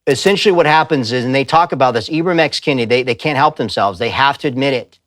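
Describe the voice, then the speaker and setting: A man's voice: medium pitch, fast talker, fairly bright tone, dry recording, studio quality. A man giving a live talk in a church, speaking emphatically and telling stories with quoted voices. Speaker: pastor and speaker. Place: church sanctuary.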